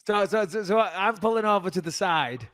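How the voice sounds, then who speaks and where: A middle-aged man hosting a podcast, telling a story in casual chat, lively and swearing freely. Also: sits high, moderate pace, no room sound. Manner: animated, swears freely, acts out voices in anecdotes. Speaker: podcast host.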